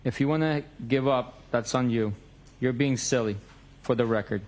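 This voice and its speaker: Guy on the stand reading back a text convo, reads out the dates and times, middle pitch, courtroom mic. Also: moderate pace, a little mellow. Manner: reads both sides of a text exchange, stating dates and times.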